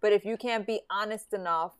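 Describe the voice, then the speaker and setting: A woman co-hosting a podcast, talking things through in a reflective, halting way, often laughing between thoughts. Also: mid-range voice, fairly bright tone, clear, resonant tone, no echo. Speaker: podcast co-host. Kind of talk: casual chat.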